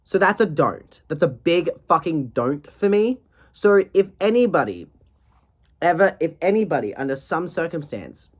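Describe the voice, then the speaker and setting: A man's voice: a little high, sing-song, measured pace. A man in his twenties ranting in a casual video diary, tired, profane and rambling. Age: 20s. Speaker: vlogger.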